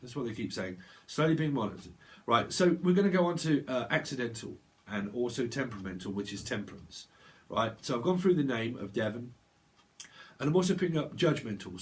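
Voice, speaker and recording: Rambling British man doing tarot readings. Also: mid-range voice. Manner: rambling, free-associating, trailing off and self-correcting. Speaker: tarot reader. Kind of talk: psychic tarot reading monologue.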